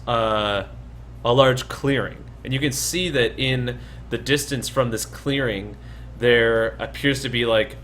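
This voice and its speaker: A man's voice: mid-range voice, fairly bright tone, slight background noise. A man narrating as dungeon master, rambling with many fillers and restarts. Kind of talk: narrating a tabletop game.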